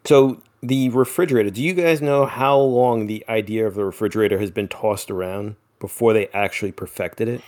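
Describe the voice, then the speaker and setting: A man's voice: on the low side, a little fast, hardly any pauses. A man co-hosting a podcast, casually walking through a topic with lots of ums. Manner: relaxed, filler-heavy, laughs easily. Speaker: podcast co-host. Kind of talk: casual chat, presenting a topic.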